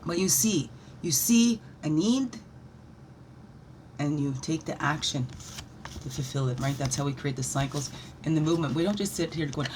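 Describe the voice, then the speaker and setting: A woman leading a daily spiritual reflection while pulling oracle cards, animated and encouraging, with playful asides. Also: low-pitched, moderate pace, long pauses, slight background noise. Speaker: spiritual guide.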